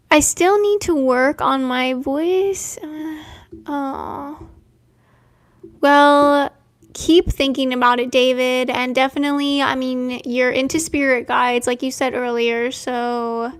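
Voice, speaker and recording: A young woman hosting a casual live stream, reading out viewers' names and talking gently and affirmingly about dreams. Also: high voice, fairly even intonation, dry recording. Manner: slow, gentle, spiritual and affirming.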